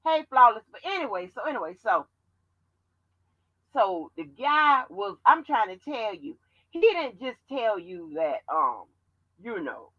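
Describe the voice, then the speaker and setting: A woman hosting a livestream, talking bluntly and profanely in animated commentary. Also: a little high, measured pace, no echo, lo-fi sound. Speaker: channel host.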